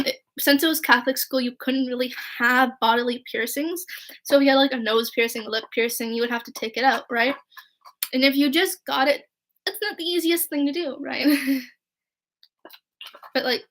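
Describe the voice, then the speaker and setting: A woman's voice: high-pitched, a bit bright. A young woman vlogger telling casual, rambling stories, full of "like" and "right?" and quoting people in dialogue. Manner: chatty and rambling, with frequent "like" and "right?". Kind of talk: casual storytelling.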